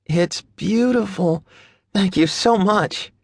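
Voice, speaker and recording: Man voicing a snarky young woman, raised higher. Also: big pitch swings, moderate pace, no echo, clean studio sound. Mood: pleased. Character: young woman, snarky but affectionate friend. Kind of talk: audiobook character voice.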